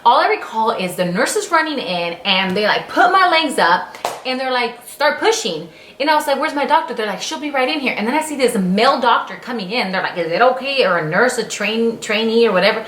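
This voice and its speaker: A woman's voice: a little high, brisk, slight background noise. Candid woman telling a story, echoey room. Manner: candid, animated storytelling with swearing and quoted exclamations. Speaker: vlogger. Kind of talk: casual storytelling vlog.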